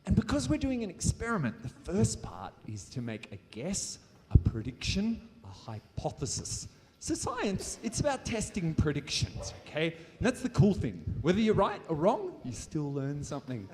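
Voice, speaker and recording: An Australian man hosts a live science show from a hall stage, with a fairly high voice that swoops up and down as he jokes with a volunteer and the audience. The sound carries a long hall reverb. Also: moderate pace, hardly any pauses, slight background noise. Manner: playful, animated, jokey, talking to a volunteer and crowd.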